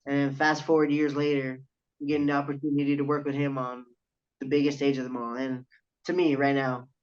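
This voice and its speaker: A man's voice: mid-range voice, brisk. A young man, a wrestler guest on a casual podcast, telling a story with lots of swearing and quoted dialogue. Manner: animated storyteller, swears freely, quotes others in his story. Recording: dull lo-fi audio.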